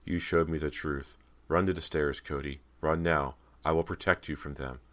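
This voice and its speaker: A man playing a soft-spoken ghostly girl. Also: extremely low pitch, steady tone, normal speed. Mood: hushed. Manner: soft, hushed delivery. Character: ghostly teenage girl, quiet and eerie.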